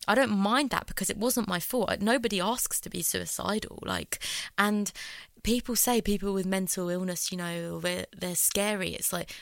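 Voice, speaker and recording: A woman with a gravelly, slightly low voice tells her story in an earnest, rambling way. She leans on fillers and restarts, and the sound is close and dry. She sounds near tears at times. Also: a bit bright, no room sound. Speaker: guest. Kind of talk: candid personal storytelling.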